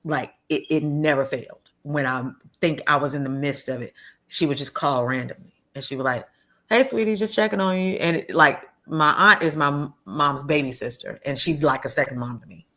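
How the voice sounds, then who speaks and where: A woman telling a heartfelt personal story as a guest, earnest and halting, often restarting and repeating words. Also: extremely low pitch, steady tone, pushed and bright. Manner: acts out quoted voices of others in her story.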